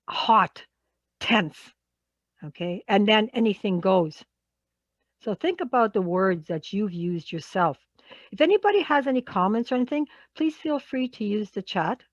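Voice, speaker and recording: A woman's voice: mid-range voice, no echo, muffled recording. Woman presenting a workshop over a call. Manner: conversational, poses questions to the audience, repeats key words. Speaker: workshop presenter in human resources. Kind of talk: online workshop talk.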